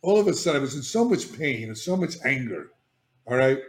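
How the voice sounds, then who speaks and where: An older man recounts his own past with blunt, emphatic energy, stopping to check in with his listener and restarting his sentences as he goes. His voice sits at an ordinary middle pitch. The room around him rings with a noticeable echo. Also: a little fast. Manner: animated and emphatic, frequent restarts and "all right?" check-ins. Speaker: guest, addiction therapist. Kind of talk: candid personal storytelling. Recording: echoey room.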